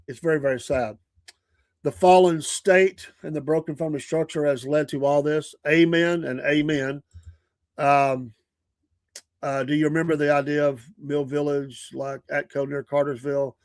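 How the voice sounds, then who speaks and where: A man's voice: fairly high pitch, dry recording. Earnest Southern man in his sixties, dry sound. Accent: Southern American. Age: 60s. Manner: rambling, earnest, with frequent restarts and chuckles. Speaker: morning show host. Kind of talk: casual livestream chat.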